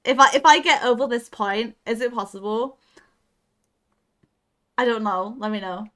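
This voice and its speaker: Young woman gamer for a casual stream: high, bright, excitable and giggly. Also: moderate pace. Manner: excitable, giggly, yelps when startled. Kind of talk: casual gameplay chat.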